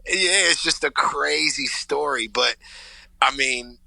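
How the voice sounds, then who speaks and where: A man's voice: fairly high pitch, slow, gravelly, sharp tone, dry recording, poor audio. A man talking as a guest in a casual chat, rambling with lots of filler words. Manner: rambling, lots of "like" and "you know". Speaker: guest on a phone call.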